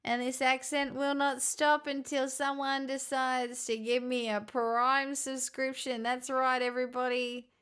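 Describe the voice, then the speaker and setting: A woman's voice: high voice, steady tone, pushed and bright, clean tone, heavily acted. A woman streamer putting on a hammy mock English accent as a joke. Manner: hammy, drawn-out delivery.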